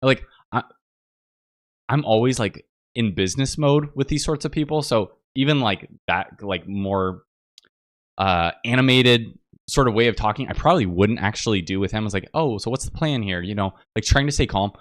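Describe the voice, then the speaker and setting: A man's voice: lowish voice, moderate pace, no echo, clean studio sound. Rambling man telling a renovation story. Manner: rambling, many fillers and retold quotes. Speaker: podcast host. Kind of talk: casual storytelling over photos.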